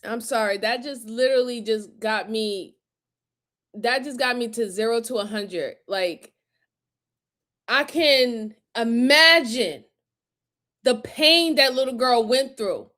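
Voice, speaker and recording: A woman's voice: a little high, takes it slowly, a bit bright. A woman reacting to crime footage in a heated, emphatic way, cursing often and near tears with fury. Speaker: video commentator.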